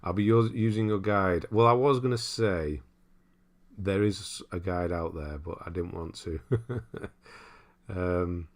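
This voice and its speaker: Low-voiced man chatting on a livestream. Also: slow pace. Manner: rambling, chuckles often, thinks aloud. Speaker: livestream host reading viewer comments. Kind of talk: casual live-stream chat.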